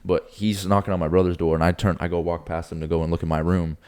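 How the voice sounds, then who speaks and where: A man's voice: low-pitched, flat delivery, fast, darkish tone. A young man from Florida, a podcast host, telling a rambling story in casual chat, swearing freely and often restarting. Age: young adult.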